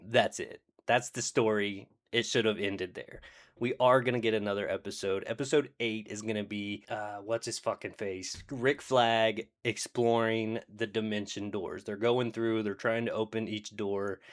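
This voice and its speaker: A young man rambling through a casual review of a show, sarcastic and acting out characters' lines as he goes. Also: on the low side.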